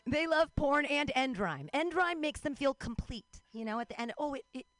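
A young adult woman doing a wry, self-mocking stand-up set out in the street, with quick asides and put-on voices. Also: high-pitched, expressive, a bit bright, no echo. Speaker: stand-up comic. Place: street outdoors.

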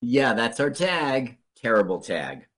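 A man chats on a podcast, riffing on a bad movie with a lively, up-and-down pitch. He talks casually and jokes along, sometimes slipping into playful put-on voices. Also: slow pace. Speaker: podcast co-host. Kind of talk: casual movie-riff chat.

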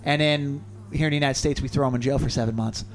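A man co-hosting a radio show in a studio, telling a long story in a rambling, animated way and swearing freely. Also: medium pitch, quick pace, faint music behind. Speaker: co-host. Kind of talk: casual storytelling on talk radio.

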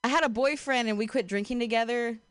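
A young woman from Ohio doing a stand-up comedy set, casual and profane, with a deadpan delivery broken by her own laughs. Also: a little high, fast, clean tone, no room sound, studio quality.

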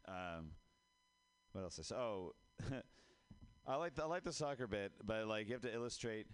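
A man's voice: on the low side, animated, moderate pace, smooth, no room sound. A man giving another comic coaching notes in a workshop, leaning on "like" a lot. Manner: coaching, repeats "like" often. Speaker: fellow comedian giving notes. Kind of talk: workshop feedback.

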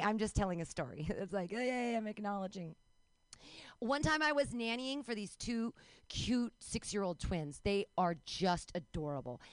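A young woman doing a rambling, self-mocking stand-up set at an outdoor show, breaking into high-pitched mock panic. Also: dry recording. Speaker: stand-up comedian.

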